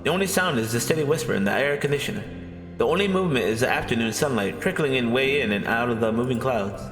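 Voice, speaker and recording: Brief: man streamer narrating a game, bright tone, soft and low-key, music underneath. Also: lively intonation, fast talker, echoey room, big-room sound. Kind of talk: reading a visual novel aloud on stream.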